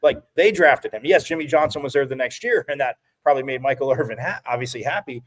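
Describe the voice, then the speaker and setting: A man co-hosting a casual sports talk show, rambling and restarting as he tells animated stories. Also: mid-range voice, fast. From from Phoenix area.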